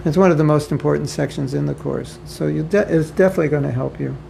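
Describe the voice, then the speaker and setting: A fast-talking man from the United States, his slightly high voice steady, gravelly and warm, gives devotees an informal spiritual lecture. He's conversational, joking on the side and repeating himself often. The poor audio has slight background noise and faint ambience from a home or temple room.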